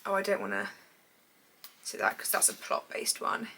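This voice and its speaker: A woman's voice: mid-range voice, sing-song, normal speed, gravelly, bright, forceful tone, slight background noise, rough recording. A young woman, chatting casually about books she has read, rambling and gushing. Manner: chatty and rambling, full of fillers like "basically"; gushing and enthusiastic. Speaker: book vlogger. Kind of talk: casual book review chat.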